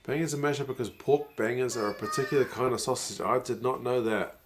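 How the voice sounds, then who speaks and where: A relaxed man talks his way through a live stream, reading viewer comments out loud and replying in an easygoing, mid-pitched voice. He chuckles often and gets briefly excited when something happens in the match. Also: a little fast, slight background noise. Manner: relaxed and conversational, with bursts of excitement at plays.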